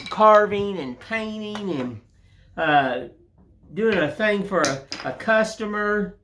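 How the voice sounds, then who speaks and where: A man's voice: high-pitched, fairly bright tone, slight background noise. Rambling folksy older man. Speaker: woodcarving channel host. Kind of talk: casual tutorial chat.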